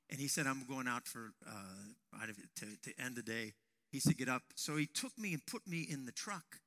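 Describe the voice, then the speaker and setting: A man preaching a sermon to young men, telling a personal story and raising his voice to a shout at dramatic moments. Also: medium pitch. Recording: long hall reverb.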